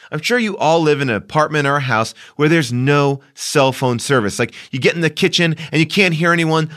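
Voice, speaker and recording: A man's voice: fairly high pitch, fairly bright tone. A man hosting a podcast, chatting casually with co-hosts and doing hammy, playful sponsor reads. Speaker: podcast host.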